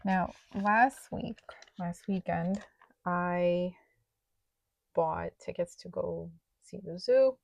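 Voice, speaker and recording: A woman's voice: on the low side, extremely slow, vocal fry, darkish tone. A woman vlogger chatting casually while counting cash into budget envelopes aloud, sometimes dropping to a near-whisper.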